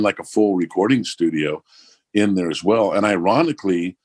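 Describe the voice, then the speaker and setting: A man telling a profane, animated story in casual conversation. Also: low voice, slightly rough, dry recording. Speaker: musician guest.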